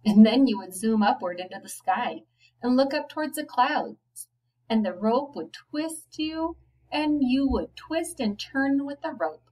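A woman, a teacher, reading a children's novel aloud, giving the children's lines a lively lift. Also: high-pitched, a little slow, recorded from a distance, a little hiss or hum, low-quality recording. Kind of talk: storybook read-aloud.

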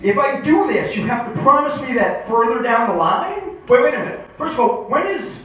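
A man's voice: very high-pitched, expressive, normal speed, a bit bright, voice pushed up. A man doing Abraham, whiny old patriarch. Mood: protesting. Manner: whiny, incredulous, bargaining with God. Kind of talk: stand-up impression. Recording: echoey club mic heard from far off.

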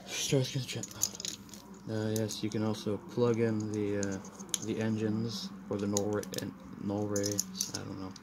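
Gravelly, flat-voiced man reviewing toys. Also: lowish voice, a little slow. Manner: rambling, apologetic, frustrated. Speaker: toy reviewer. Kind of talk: casual toy review walkthrough. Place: room in a house. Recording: noisy home recording.

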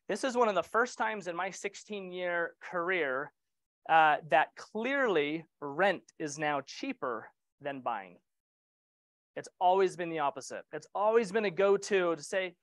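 A man's voice: high-pitched, animated, normal speed, fairly bright tone, no room sound. A middle-aged man leading a real estate training session, casual and joking, asking the group questions.

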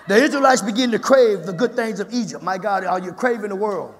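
Male pastor, high gravelly voice, sermon rising to shouts, long church reverb. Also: fairly quick, few pauses, some chatter behind. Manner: preaching that builds to shouting. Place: church sanctuary.

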